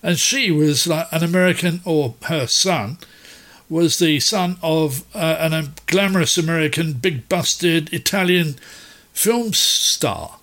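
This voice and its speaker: A man's voice: a little high, slow pace, fairly bright tone. Rambling man hosting a quiz. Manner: rambling, jokey, wanders off topic. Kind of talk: casual on-air chat.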